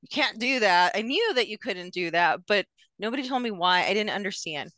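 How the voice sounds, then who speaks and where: A woman's voice: medium pitch, animated, brisk, pushed and bright, no room sound. A young woman, a podcast guest, telling a personal story in a hesitant way with many fillers and restarts. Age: young adult.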